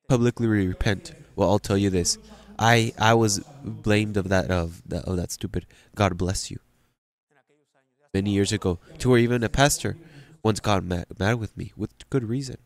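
Lowish-voiced man preaching a sermon. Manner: animated, plain-spoken, repeats and restarts phrases.

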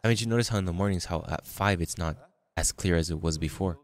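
Male pastor, low voice, informal sermon with scripture readings. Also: fast talker. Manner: conversational preaching, restarts, reads scripture aloud.

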